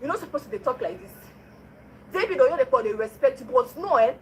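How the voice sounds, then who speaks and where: Woman, Nigerian Pidgin accent, high voice, scolding commentary with repeated rhetorical questions. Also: expressive, fast talker, a little hiss or hum, rough recording. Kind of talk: political commentary.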